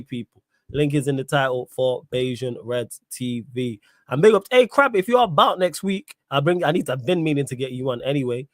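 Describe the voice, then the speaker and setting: A man's voice: medium pitch, no echo. A man hosting a casual podcast, reading out chat comments, slangy and given to laughing. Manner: laughs a lot, uses London street slang like "big up" and "yo". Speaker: podcast host.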